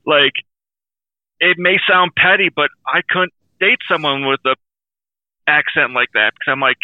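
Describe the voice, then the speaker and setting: A man's voice: on the high side, unhurried, no room sound. A man co-hosting a podcast, chatting casually in a blunt, rambling way, often apologizing for what he says. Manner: blunt, rambling, self-deprecating. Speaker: podcast co-host. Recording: tinny phone-like sound.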